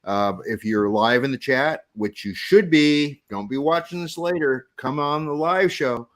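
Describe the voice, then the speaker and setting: A man's voice: mid-range voice, measured pace, fairly bright tone. A man acting as question moderator on a live tech stream, upbeat and speaking to the chat audience. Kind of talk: casual chat.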